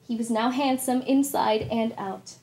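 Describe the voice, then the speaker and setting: A woman's voice: on the high side, fairly even intonation, warm tone, natural voice. Belle, a woman playing a sweet storybook princess. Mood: storytelling. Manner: sweet, slow teacherly cheer. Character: gentle storybook princess, young woman, kind. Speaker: party character performer. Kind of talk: storytime narration to children.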